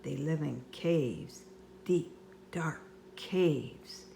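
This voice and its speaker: A woman's voice: deep voice, very slow, creaky, mellow, a little hiss or hum, heavily acted. An older woman voicing a playful storybook mother with a cheerful motherly tone. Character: playful storybook mother who loves monster tales. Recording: echoey room.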